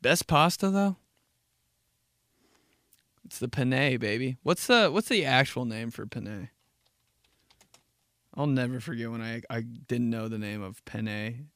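A young man hosting his own podcast, telling loose, profane stories with quick asides. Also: mid-range voice, fairly bright tone, clean tone, dry recording, studio quality. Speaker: podcast host. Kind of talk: casual solo podcast monologue.

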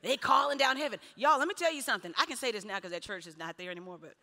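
A woman preaching a sermon, animated, with punchy repeated refrains and laughing between lines. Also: mid-range voice, rapid-fire. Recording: long hall reverb.

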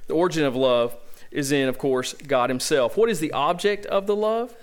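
A man with a Southern US accent preaching a sermon as pastor, asking rhetorical questions and repeating key phrases for emphasis. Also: fairly high pitch. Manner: opens with a slow, hushed prayer.

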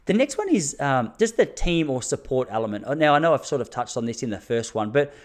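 A man's voice: mid-range voice, very animated, a little fast. A man, a running coach talking frankly to his listeners in a casual solo podcast, with fillers and restarts. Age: 30s.

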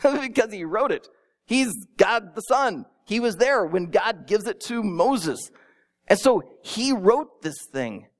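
A pastor preaching a sermon, telling it with animated storytelling and acting out imagined listeners, with small stammers. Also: mid-range voice, slow. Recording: long reverb in a large hall.

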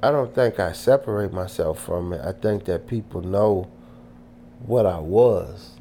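A man's voice: low-pitched, a little slow, vocal fry, mellow, a little hiss or hum. A man from Louisiana telling his life story in an interview with emphatic, preacherly, streetwise delivery. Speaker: guest.

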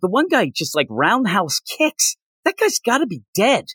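Sarcastic lively male comic podcaster. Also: sits high, a little slow, husky, no room sound. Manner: sarcastic, exasperated, mocks lines in put-on voices. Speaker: podcast co-host. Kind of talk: casual comic book review chat.

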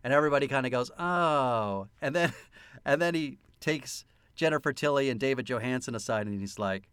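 A man co-hosting a podcast, excitedly retelling a film scene by scene with lots of laughter, in casual chat. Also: medium pitch, a little fast, clear, resonant tone, dry recording. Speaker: podcast co-host.

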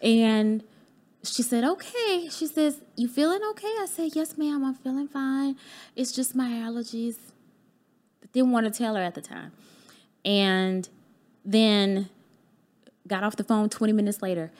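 A woman's voice: fairly high pitch, steady tone, unhurried, long pauses, darkish tone. A woman guest on a podcast candidly recounting a personal experience, acting out remembered conversations in a heartfelt, earnest way. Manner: candid, acts out remembered dialogue. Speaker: podcast guest, business owner. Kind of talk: personal storytelling in a podcast interview.

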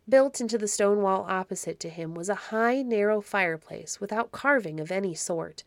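A woman's voice: medium pitch, no room sound. Woman narrating a classic tale, dry sound. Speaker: audiobook narrator. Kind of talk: scripted narration of a classic children's novel.

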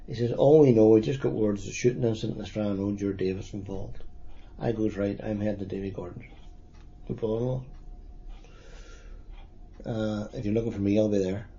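A man in his sixties with a Derry accent, recalling past events in a halting, plain-spoken way during an oral history interview. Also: lowish voice, fairly even intonation, dark tone. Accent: Northern Irish, Derry. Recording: dull lo-fi recording.

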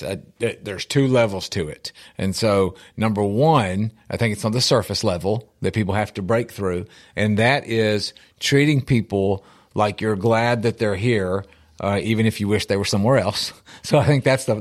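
A man talking as a guest on a talk show, animated and telling stories with easy laughs. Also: lowish voice, moderate pace. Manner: animated, storytelling, laughs easily. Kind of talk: casual talk-show conversation.

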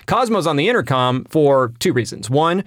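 A man's voice: a little high, moderate pace, no echo, clean studio sound. A man co-hosting a casual podcast, animatedly retelling a movie plot and acting out sound effects. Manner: lively storytelling, acts out sound effects and lines. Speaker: podcast co-host. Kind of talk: casual movie recap chat.

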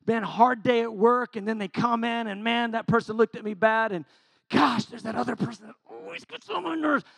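A middle-aged man giving an informal sermon as a Bible teacher. He talks in an animated, conversational way, acting out quotes with self-deprecating humor. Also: high voice, dry recording.

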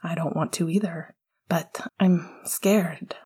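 A woman voicing an affectionate, nervous young male hockey player in a soft, half-whispered way. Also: on the low side, steady tone, takes it slowly, husky, exaggerated voice. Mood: scared.

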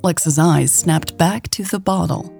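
Low, gravelly woman storyteller. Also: unhurried, darkish tone, faint music behind. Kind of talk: scripted audiobook narration.

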